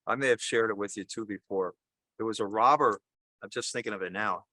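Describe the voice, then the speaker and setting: A man's voice: lowish voice, fairly quick, sharp tone, dry recording. An older man, a priest, giving a homily in a conversational, rambling way, mixing jokes with personal stories. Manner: conversational, rambling, self-correcting. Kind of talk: sermon with jokes and storytelling.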